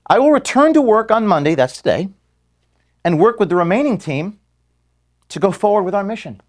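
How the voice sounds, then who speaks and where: A man, the founder of an organization, recording an earnest farewell statement to his staff from his office, moving between firm declarations and quiet, emotional passages. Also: sits high, sing-song, brisk. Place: office at headquarters.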